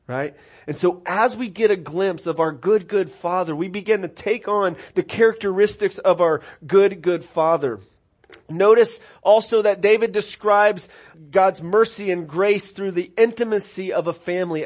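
Male pastor, higher-pitched, delivers an earnest sermon with emphatic swells, soft confessional drops and frequent restarts. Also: moderate pace. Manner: earnest, builds to emphatic peaks then drops soft and personal; repeats words and restarts mid-phrase.

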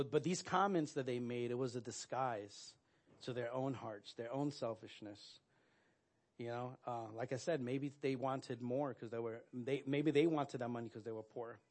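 A man preaching a sermon, earnest and direct, often restarting his sentences and filling pauses with "uh". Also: medium pitch, darkish tone. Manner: earnest, with frequent fillers and restarts. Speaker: pastor.

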